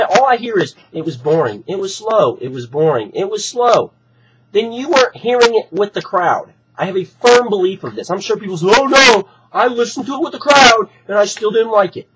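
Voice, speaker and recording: A hoarse man, still recovering from being sick, ranting heatedly and with plenty of swearing in an opinion vlog. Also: high voice, background noise. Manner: heated, profane, repetitive ranting. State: hoarse from recent illness. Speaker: wrestling fan vlogger. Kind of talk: opinion rant to camera.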